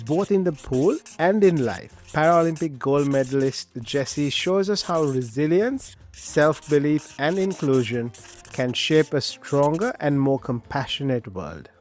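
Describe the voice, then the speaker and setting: A man's voice: fairly high pitch, expressive, unhurried, a little mellow, faint music behind. A middle-aged man hosting a podcast interview, earnest and thorough, asking long questions with fillers. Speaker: podcast host.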